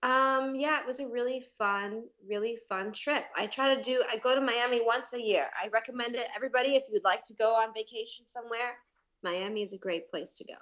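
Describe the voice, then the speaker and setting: An American woman with a bright, clear, fairly high voice, talking casually as a podcast co-host. She is chatty and giggly, a little self-deprecating, and speaks over a remote call. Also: a little fast, lo-fi sound. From United States. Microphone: remote call microphone.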